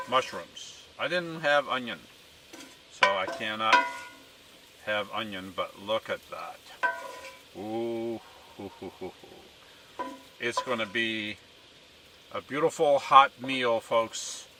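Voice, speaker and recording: Male van vlogger, unhurried and bright in tone, casual and rambling. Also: mid-range voice, far from the mic, a little hiss or hum. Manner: chatty, addresses viewers as folks, self-correcting. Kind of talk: casual cooking vlog talk. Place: inside a camper van.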